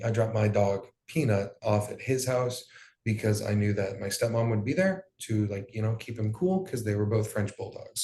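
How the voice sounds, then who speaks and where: A man's voice: on the low side, dark tone. A young man giving an emotional personal account as an interview guest, in loose, profane storytelling with plenty of fillers. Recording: roomy echo.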